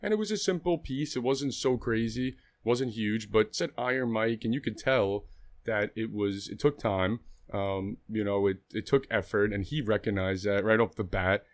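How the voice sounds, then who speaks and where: Low-voiced male guest, relaxed storytelling. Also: moderate pace. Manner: relaxed storytelling with fillers and swearing. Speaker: guest artist. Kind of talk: casual chat.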